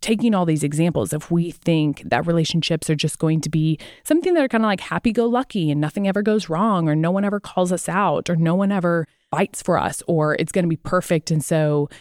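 A woman's voice: on the low side, fairly quick, hardly any pauses, a little mellow, no room sound, clean studio sound. A woman co-hosting a casual faith podcast, talking earnestly and at length, retelling Bible stories with quoted lines. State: out of breath. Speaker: podcast co-host.

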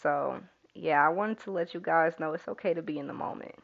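A woman hosting a spiritual podcast, speaking softly and soothingly as she guides listeners to breathe. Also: low-pitched, a little fast, gravelly, dull audio. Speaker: podcast host. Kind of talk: spiritual podcast talk, calm and reflective.

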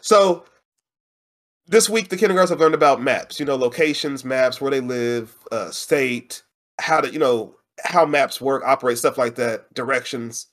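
A man co-hosting a casual podcast, telling a funny story with slangy, animated delivery and frequent laughs. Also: mid-range voice, normal speed. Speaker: podcast co-host. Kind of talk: casual chat.

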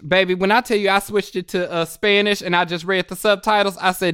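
A male guest with a bright, forceful voice that is smooth and crisp, speaking from his apartment. He tells stories in an expressive, playful way, and his voice sounds dry and close to the mic. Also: high-pitched, fairly quick, hardly any pauses, no room sound. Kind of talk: casual chat. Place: apartment, remote call.

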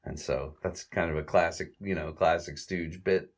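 A man casually retelling the plot of an old comedy short, halting with restarts and little chuckles. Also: low-pitched, steady tone. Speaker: film reviewer recapping a classic comedy short.

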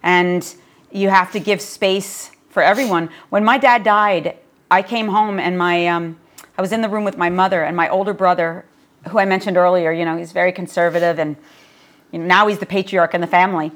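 A woman's voice: fairly low pitch, fairly even intonation, a little fast. A middle-aged woman, a yoga teacher, talking as a podcast guest in an earnest, reflective storytelling way. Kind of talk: podcast conversation.

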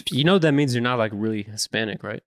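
A man's voice: medium pitch, fast, fairly bright tone. A young man co-hosting a podcast, teasing and joking with slang like yo and son. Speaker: podcast co-host. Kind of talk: casual chat.

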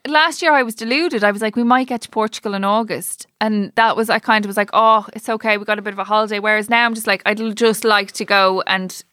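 A woman's voice: medium pitch, steady tone, fast talker, hardly any pauses, pushed and bright, no echo, studio quality. A woman hosting a casual podcast, chatty and sweary with frequent laughter. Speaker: podcast host.

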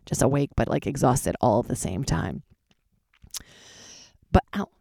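A woman in her thirties, a comedian, chatting alone from her closet, candid and swearing, sounding tired and jumping into high squeaky voices for her own reactions. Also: lively intonation, unhurried, gravelly, dark tone, no echo, studio quality. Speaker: comedian podcast host. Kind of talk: casual solo chat.

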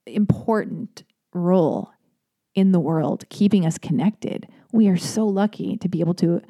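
A woman hosting a podcast alone, chatting casually in a rambling way with animated asides. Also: mid-range voice, dry recording, clean studio sound. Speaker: podcast host. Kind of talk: casual solo podcast talk.

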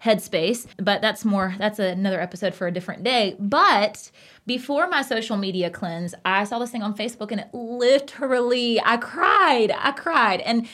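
A woman, co-hosting a casual podcast chat and talking in an emphatic, passionate, animated way. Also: mid-range voice, moderate pace. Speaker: podcast co-host.

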